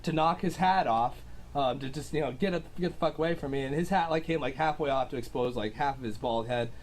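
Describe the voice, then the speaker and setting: A man's voice: fairly high pitch, brisk, slight background noise. A man telling his side of a dispute casually, rambling with many fillers. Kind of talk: casual storytelling.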